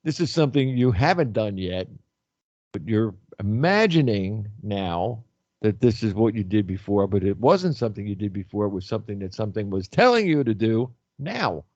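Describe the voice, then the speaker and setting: An older man hosts a casual talk show, wandering through his thoughts and circling back on his words. His voice sits low and mellow. The recording is dull, dry and lo-fi. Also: lively intonation, moderate pace, no echo. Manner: rambling, repeats words, trails off. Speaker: host.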